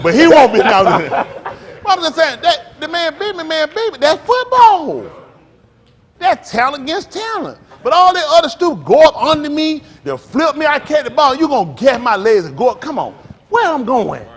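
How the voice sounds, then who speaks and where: A man's voice: extremely high pitch, a bit bright. A man preaching informally as a pastor to a live audience. He talks in a blunt, ranting way, acts out scenes and laughs often.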